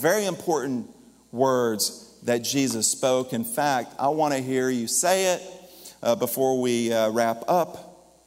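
A minister preaching a lively sermon, his loudness rising and falling, with joking asides. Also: medium pitch, slow. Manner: lively, jokey preacher with shifting volume. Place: church or hall. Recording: long reverb of a large hall.

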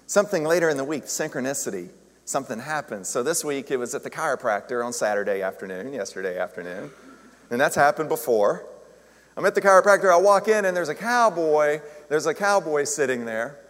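A male minister giving a conversational sermon, telling a story with self-deprecating humor. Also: a little high. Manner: chatty, self-deprecating humor, animated retelling. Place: church sanctuary. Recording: long reverb of a large hall.

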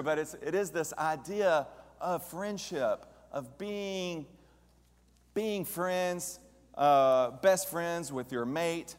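Man giving a conversational church sermon in a reverberant hall. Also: fairly high pitch. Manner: conversational, asks the audience questions. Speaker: speaker at a church service. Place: church sanctuary.

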